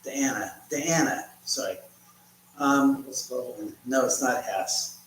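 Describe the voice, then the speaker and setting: A man's voice: mid-range voice, measured pace, slight background noise. A man hosting a casual livestream, chatty and rambling as he reads viewer comments while cooking in his home kitchen. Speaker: livestream host. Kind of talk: casual live chat. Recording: echoey room from far off, faint ambience.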